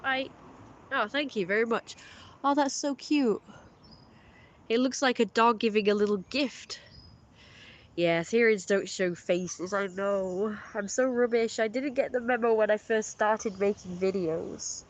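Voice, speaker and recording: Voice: medium pitch, measured pace. A livestream host chatting casually with viewers and reading their messages, rambling and often correcting themselves in a friendly way.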